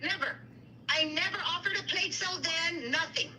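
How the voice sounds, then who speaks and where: Woman, very high bright voice, heated livestream rant, faint noise behind. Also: low-quality recording. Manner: indignant, rapid retelling with quoted dialogue, mixes Spanish.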